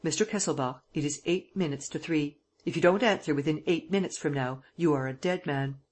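A reader voicing a cunning gentleman thief who presses a bound prisoner in a harsh, insistent way, in an audiobook. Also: medium pitch, brisk, natural voice. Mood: menacing.

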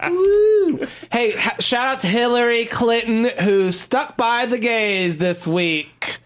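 A man hosting a casual chat, animated, joking and theatrical. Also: extremely high pitch, slow pace, clean tone.

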